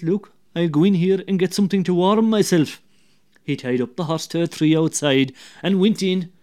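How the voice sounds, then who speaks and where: An older Irish man telling a traditional folk tale, lively and dramatic, swinging between loud and hushed. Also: fairly high pitch. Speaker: storyteller.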